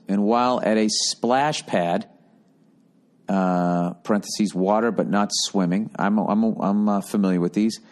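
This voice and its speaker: A middle-aged man hosting a podcast, giving advice in a profane, sarcastic, rambling monologue. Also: fairly low pitch. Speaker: podcast host.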